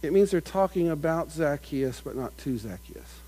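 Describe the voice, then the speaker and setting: A middle-aged man preaching a sermon in an earnest manner, building to loud emphatic peaks and dropping to quiet asides. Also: a little high, animated, moderate pace, husky, low-quality recording. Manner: earnest, builds up with rising emphasis, mimics crowd voices.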